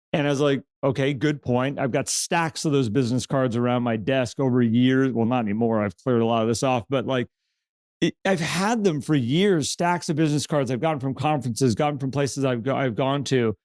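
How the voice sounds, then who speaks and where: A man's voice: medium pitch, fairly quick, darkish tone, dry recording, studio quality. A man co-hosting a podcast, telling stories in casual conversation, animating the quotes he retells and restarting his sentences often. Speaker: podcast co-host.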